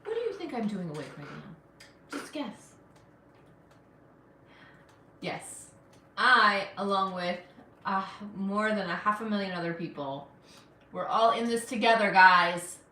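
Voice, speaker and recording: In her home kitchen, a woman from Afghanistan hosts a casual cooking live stream, chatting along and reading out and answering viewer comments. Her medium-pitched voice is bright, forceful, and animated yet unhurried, with long pauses. The mic sits far back, giving a roomy kitchen sound.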